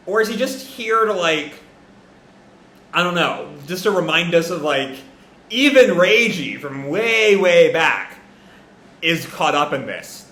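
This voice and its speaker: On a live manga reaction, the male host thinks aloud in a bright, forceful voice on the high side. He rambles, hedges, and keeps correcting and restarting himself, and the room around him is echoey.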